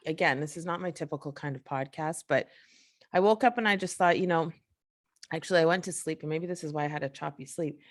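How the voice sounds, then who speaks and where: A woman hosting a solo podcast, ranting in a frustrated, emphatic, profane way. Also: lowish voice. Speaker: podcast host. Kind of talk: casual solo podcast rant.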